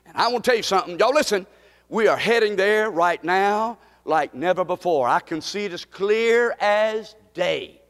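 A man's voice: high-pitched, expressive, normal speed, a bit bright, long reverb tail. A man preaching a Bible study sermon, drawing the congregation into call-and-response and building to emphatic, repeated questions. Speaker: pastor.

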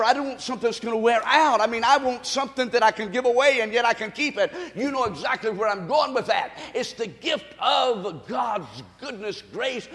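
A man preaching a sermon, leading the congregation to repeat after him and building to shouts. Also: very high-pitched. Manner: call-and-response preaching, rising to shouts. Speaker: pastor. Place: church sanctuary. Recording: long reverb of a church hall.

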